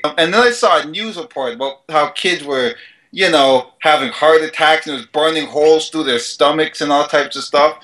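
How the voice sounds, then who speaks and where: A man's voice: on the high side, normal speed, bright, forceful tone, rough recording. A man casually explaining how he came to try a spicy snack. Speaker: friend doing a food challenge. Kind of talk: casual storytelling.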